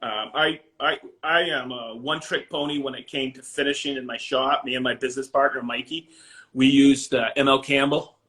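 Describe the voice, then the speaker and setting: A man's voice: medium pitch, steady tone, moderate pace, sharp tone. A middle-aged man with a Maine accent, chatting casually as a guest, rambling with many fillers and frequent laughs. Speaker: guest, finisher. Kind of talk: casual chat.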